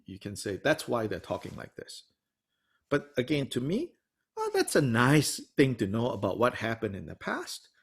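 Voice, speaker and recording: A man teaching a study class, answering a student with rhetorical questions and small laughs. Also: husky. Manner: animated, wide-ranging pitch, rhetorical questions, small laughs.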